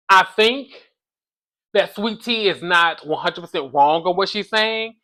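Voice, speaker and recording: A man casually reviewing a reality show episode, sassy and animated, calling his listeners baby and y'all, with features. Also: high voice. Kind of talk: casual chat.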